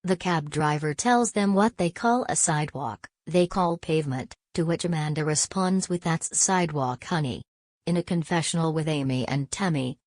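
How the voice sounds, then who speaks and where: A woman giving a scripted gossip recap in a steady, even read. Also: sits low, normal speed, few pauses, dry recording. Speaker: celebrity gossip narrator. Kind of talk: scripted narration.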